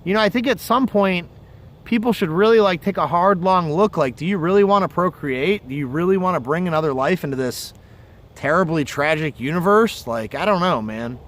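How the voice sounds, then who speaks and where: A man's voice: high-pitched, a little fast, fairly bright tone. A man hosting a fishing livestream from outdoors by the water, chatting casually and telling stories in a rambling, profane way. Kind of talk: casual chat. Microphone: phone or camera on a livestream.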